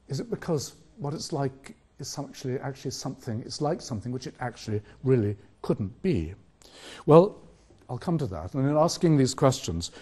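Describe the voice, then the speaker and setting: An older man giving a university philosophy lecture, measured and reflective, posing rhetorical questions. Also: medium pitch, dark tone, breathy edge. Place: lecture hall.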